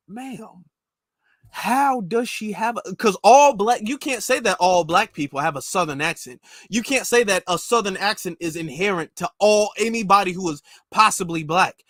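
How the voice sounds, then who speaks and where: A commentary channel host reacts to clips on his opinion show, indignant and emphatic, repeating his points. His voice is high and fairly bright, captured with studio quality and no room sound.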